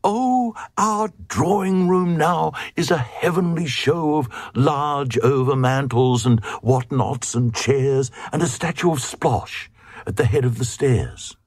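A man reading aloud, voicing a vain, fussy queen in a high gushing falsetto. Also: slow pace, darkish tone, dry recording. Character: shrill fussy queen, woman, vain and delighted.

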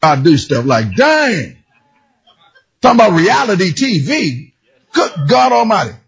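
A man preaching a sermon, animated and storytelling, shouting and half-singing his lines. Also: sits high, vocal fry, husky. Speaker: pastor. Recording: dull lo-fi sound.

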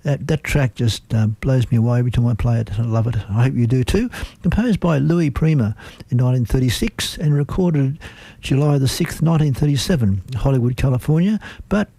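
A man's voice: medium pitch, brisk, creaky, few pauses, warm tone, dry recording. A man with an Australian accent presenting a community radio show in a chatty, rambling way.

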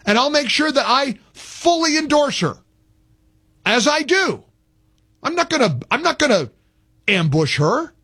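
A man's voice: very high-pitched, big pitch swings, a little slow, pauses often, sharp tone. A man hosting a political talk radio show, ranting in a fired-up, emphatic way with lots of repetition.

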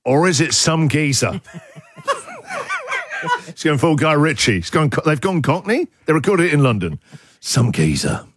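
A man's voice: on the high side, lively intonation, moderate pace, pauses often. A man hosting a radio show in casual banter, joking, laughing often and mimicking song lines. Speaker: radio host. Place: radio studio. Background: music bed.

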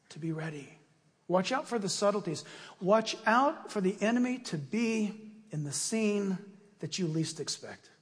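A male pastor delivering a sermon and then a fervent, loud closing prayer. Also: sits high, in a large hall.

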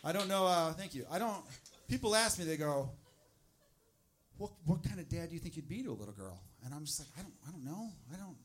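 A man with a high voice works the crowd through a stand-up set, chatty and teasing. The live club recording carries clear audience noise behind him. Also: expressive, fast. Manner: conversational, crowd-teasing delivery. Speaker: stand-up comedian.

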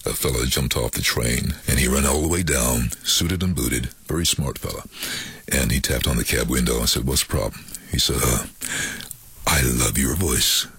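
A middle-aged man, a voiceover artist, telling lively anecdotes in a chatty way and putting on voices for the people he quotes. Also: very deep voice, normal speed, gravelly, husky, no echo. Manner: chatty, animated storyteller who breaks into quoted voices. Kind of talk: casual storytelling in an interview.

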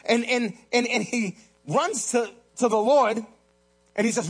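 A male pastor preaching a sermon to a church congregation, impassioned, moving between soaring emphasis and low earnest asides, with many rhetorical questions. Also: unhurried, slightly rough, faint music behind.

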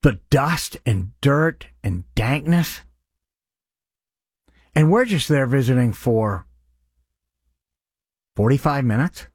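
A man's voice: mid-range voice, expressive, takes it slowly, long pauses, a little mellow, breathy edge, no echo, studio quality. A man hosting a radio charity appeal, speaking in an earnest, impassioned way. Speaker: radio host.

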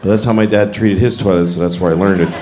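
A man's voice: deep voice, fairly even intonation, quick pace, reverberant, a loud crowd, very noisy. A male stand-up comedian with a wry, self-mocking delivery.

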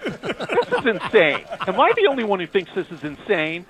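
A man's voice: high voice, wildly swooping pitch, normal speed, a bit bright, exaggerated voice, poor audio. A man voicing an indignant male TV journalist in a comedy sketch, firing off questions. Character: skeptical blustering male TV journalist.

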